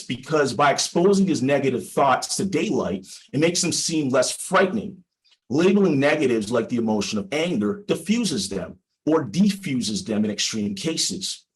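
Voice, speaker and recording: A man, a personal injury lawyer, giving a prepared presentation to other lawyers in a measured, deliberate way with emphatic pauses and an instructive tone. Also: medium pitch, big pitch swings, poor audio. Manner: explanatory, instructive tone. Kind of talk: prepared presentation for a legal audience.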